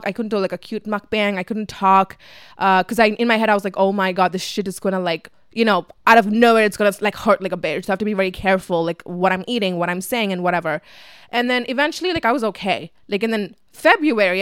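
A woman's voice: medium pitch, clean tone, dry recording, studio quality. A young woman telling a casual storytime vlog, chatty and swearing freely with lots of fillers. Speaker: vlogger.

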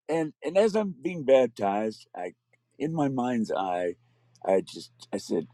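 A man's voice: mid-range voice, moderate pace, no room sound. A man telling a personal story, acting out the voices of the people in it. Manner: animated, acts out quoted voices.

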